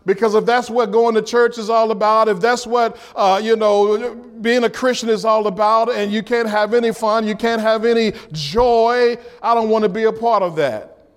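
A man preaching a sermon to his congregation, repeating key lines, asking the room questions and rising at times to a shout. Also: high-pitched, steady tone, moderate pace, smooth. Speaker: pastor.

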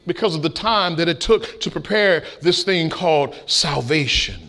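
High-voiced preaching man. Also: lively intonation, moderate pace, few pauses. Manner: preaching with shouted high peaks and a folksy storytelling tone. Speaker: pastor. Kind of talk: sermon.

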